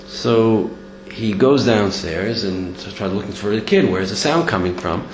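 A man's voice: lowish voice, unhurried. A man giving a Torah lesson, telling stories and acting out the voices in them. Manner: animated, acts out voices in stories. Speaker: Torah teacher. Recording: echoey room with faint hum.

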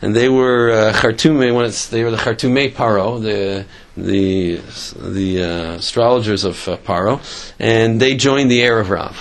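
A man with a fairly low voice teaches a religious lesson through a story, halting often, repeating words, and restarting his sentences.

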